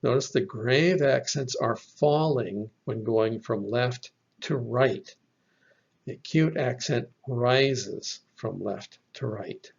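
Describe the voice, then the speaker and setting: Slow patient guy giving a lesson, gravelly husky voice, kinda dull lo-fi sound. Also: mid-range voice. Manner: slow, patient explaining with fillers. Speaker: Bible language teacher. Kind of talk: slide lecture. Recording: dull lo-fi recording.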